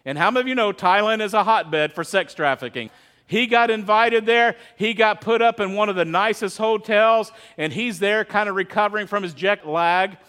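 A middle-aged male pastor with a high voice preaches to his church. He talks easily and tells a story, slipping into the voices of the people he quotes. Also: normal speed, a bit bright, clear, resonant tone. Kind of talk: sermon.

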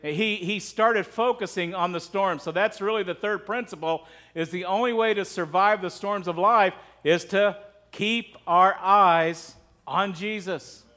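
A man's voice: sits high, unhurried, pushed and bright. A middle-aged man preaching as pastor, conversational and often asking his congregation questions. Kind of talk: sermon.

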